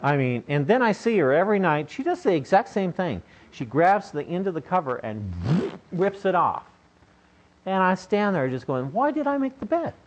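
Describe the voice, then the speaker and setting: A man's voice: fairly high pitch, very animated, normal speed. An older man preaching a sermon in a conversational, joking way, often asking his listeners questions. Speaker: pastor. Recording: dull lo-fi recording.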